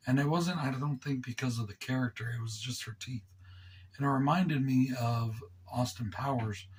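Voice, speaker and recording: A man hosting his own movie review channel, talking low and rambling casually with a sore throat. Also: husky. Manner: relaxed, rambling, enthusiastic with fillers.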